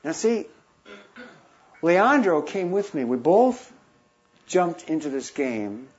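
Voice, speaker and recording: A missionary in his fifties tells an animated anecdote, acting out the voices of the people in it. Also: fairly high pitch, slow, breathy edge, highs cut off. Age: 50s. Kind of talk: storytelling talk.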